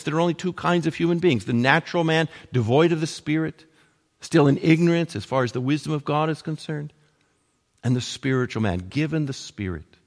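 Guy preaching a sermon, kinda gravelly voice, slows way down on the big points, echoey church hall. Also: mid-range voice. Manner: expository preaching, slowing for emphasis, dropping to near whispers.

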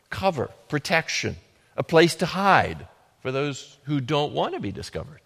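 A man preaching a sermon, building from quiet, measured lines to loud, emphatic declarations. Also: medium pitch. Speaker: pastor. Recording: long hall reverb.

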